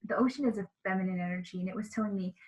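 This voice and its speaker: A woman's voice: mid-range voice, racing, a little mellow, poor audio. A woman speaking as an interview guest, telling of spiritual experiences in an earnest, emotional way. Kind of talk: casual interview talk about spiritual experiences.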